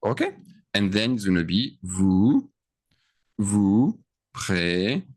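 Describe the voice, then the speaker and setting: A man's voice: on the low side, big pitch swings, takes it slowly, darkish tone. A man teaching verb endings, patiently checking in with his students as he writes. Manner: patient, checks in often, stretches words out. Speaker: French teacher. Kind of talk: slow explanatory grammar lesson.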